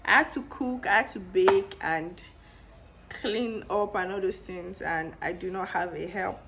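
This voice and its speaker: Fields. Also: female voice, mid-range voice, unhurried, a little hiss or hum. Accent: Nigerian. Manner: animated, laughs often, talks with lively emphasis. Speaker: vlogger. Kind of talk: casual chatty storytelling to camera. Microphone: clip-on microphone.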